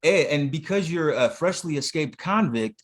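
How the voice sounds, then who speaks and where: A man's voice: on the high side, expressive, moderate pace. A man co-hosting a casual comedy podcast, riffing in a profane, mocking, playful way. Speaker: podcast co-host.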